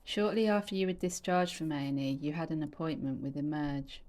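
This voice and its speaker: A woman interviewer reading out prompts in a measured, formal way. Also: deep voice, steady tone, darkish tone.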